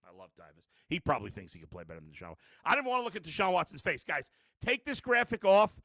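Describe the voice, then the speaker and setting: A man's voice: high-pitched, huge pitch swings, fast talker, a bit bright, no echo. A middle-aged man hosting a live post-game sports show, ranting bluntly with profanity, self-mocking asides and frequent restarts. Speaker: sports talk show host.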